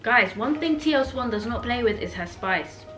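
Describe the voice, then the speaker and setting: Bright-voiced, animated young woman. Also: on the high side, normal speed. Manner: animated, outspoken, reacting with exasperation. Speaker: book vlogger. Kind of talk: casual reading vlog chat. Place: home room. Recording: roomy echo, faint background music.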